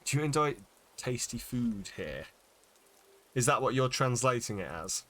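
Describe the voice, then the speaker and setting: A man's voice: mid-range voice, lively intonation, measured pace, a bit bright. A man streaming a game, chatting casually and thinking aloud as he sounds out Japanese words, with many fillers. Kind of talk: casual live-stream chat while reading Japanese.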